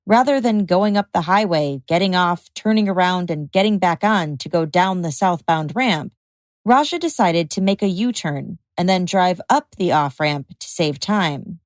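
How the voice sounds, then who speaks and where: A woman hosting a podcast, reading a scripted true-crime narration in a measured, even way. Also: on the low side, no room sound. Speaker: podcast host.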